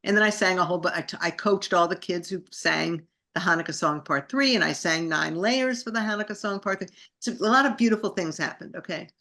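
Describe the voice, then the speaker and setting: A woman's voice: lowish voice, brisk, hardly any pauses, sharp tone. A middle-aged woman, a singer and actress, telling her story in an interview with an enthusiastic, grateful manner.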